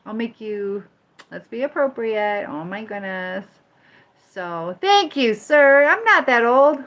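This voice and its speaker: A woman's voice: fairly high pitch, lively intonation, takes it slowly, fairly bright tone, dull audio. A woman from Michigan and Indiana hosting a casual livestream, chatting with viewers, greeting them by name and firmly moderating the chat. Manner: firm when moderating the chat. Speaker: livestream host.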